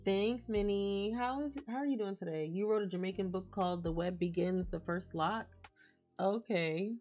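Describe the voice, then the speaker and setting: A woman's voice: medium pitch, normal speed, a little mellow, soft background music. A woman streaming live, chatting casually and reading out and answering messages from her chat. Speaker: livestreamer.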